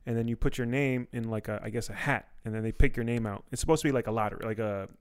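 Dude from dc hosting a podcast, loose slangy storytelling, smooth resonant voice. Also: male voice, medium pitch, fairly even intonation, fast talker. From Washington, D.C. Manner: laid-back, slangy storytelling with swearing. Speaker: podcast host and comedian. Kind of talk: casual podcast chat.

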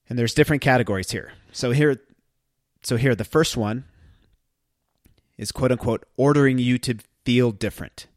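A man's voice: medium pitch, dry recording. Man, middle-aged, parenting podcast host, earnest, reflective monologue, dry close sound. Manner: earnest, reads a list of phrases aloud.

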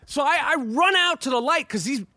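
High-voiced, profane New man. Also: fairly quick, no echo, clean studio sound. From New York. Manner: profane, excitable, stammering restarts. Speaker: podcast host. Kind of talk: casual storytelling.

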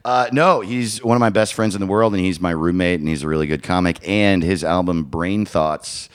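A man's voice: deep voice, moderate pace, no echo, studio quality. A man hosting a comedy podcast in casual chat, laughing often and swearing freely. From New York State. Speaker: podcast host.

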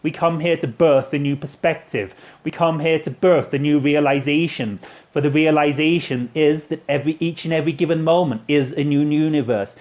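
Guy doing a solemn alien messenger w a weird fake accent, kinda high, goes on n on repeating cosmic stuff. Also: steady tone, moderate pace, lo-fi sound, close to an everyday voice. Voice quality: odd put-on foreign-sounding accent, mispronounced words. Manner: rambling, repetitive cosmic incantation. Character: solemn alien messenger Tahini, male, grandiose. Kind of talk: channeling session.

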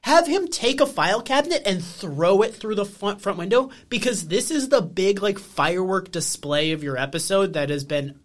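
Woman co-host, mid-pitched, profane and exasperated, loose banter. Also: very animated, moderate pace, hardly any pauses. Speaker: podcast co-host. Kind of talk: casual chat.

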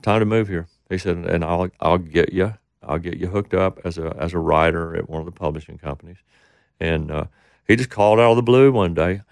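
A man's voice: low voice, creaky, dry recording, studio quality. A middle-aged man telling a rambling story in casual talk, acting out the voices of the people he quotes. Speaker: interview guest.

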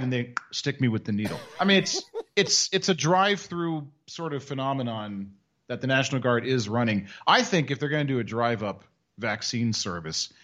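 A man talks sports and banter on a weekly podcast, wry and quick to mimic others. His pitch moves a lot, and the recording sounds a bit muffled and lo-fi. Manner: wry, animated, slips into mock voices. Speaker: podcast co-host.

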